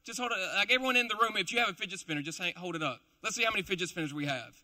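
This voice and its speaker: A man's voice: high-pitched, animated, rapid-fire, pushed and bright. A young man preaching a casual, joking sermon to a live congregation, with playful asides. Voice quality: chatty, playful, self-deprecating asides. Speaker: preacher, also a school teacher.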